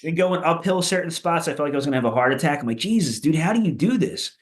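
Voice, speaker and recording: A man's voice: on the high side, animated, fast talker. A man from Philadelphia, a punk musician guest on a podcast, telling stories in a rambling way with lots of swearing and "like" fillers. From Philadelphia, USA. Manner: rambling, profane, many "like" fillers. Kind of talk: casual chat.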